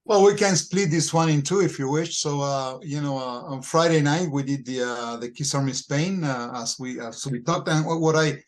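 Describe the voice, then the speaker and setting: A man co-hosts a podcast in easygoing chat. His slightly high voice moves in a stop-start way, with frequent fillers. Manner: halting, many fillers and restarts. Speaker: podcast co-host.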